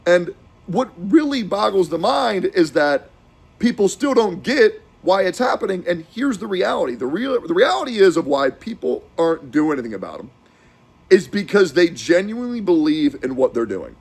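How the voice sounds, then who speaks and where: A young adult man streaming a heated, profane rant, swinging between shouting and low muttering. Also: very animated, normal speed, creaky, husky.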